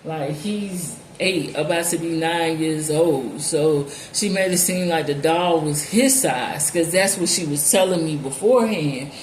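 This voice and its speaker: A woman's voice: deep voice, unhurried, few pauses. A woman hosting her channel, telling a story casually, bluntly and with profanity, leaning on "like" a lot. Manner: heavy use of "like", blunt and profane. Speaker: channel host. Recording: echoey room, faint background noise.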